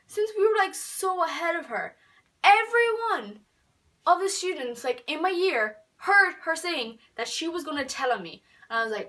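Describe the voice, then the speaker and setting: A teenage girl telling a story in a casual vlog, chatty and full of fillers, dropping to whispers and then bursting out loud. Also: high voice, sing-song, normal speed, recorded from a distance. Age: teens. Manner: chatty, filler-heavy, swings between whispered asides and loud outbursts. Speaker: vlogger.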